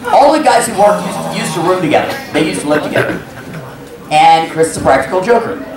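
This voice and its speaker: Man panelist, lively voice, story in an echoey hall, heard from a distance, crowd and noise behind. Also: a little high, fast, vocal fry. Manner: rambling storyteller who acts out quotes. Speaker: convention panelist. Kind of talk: casual anecdote telling. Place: large convention hall with audience. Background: audience murmur and room noise.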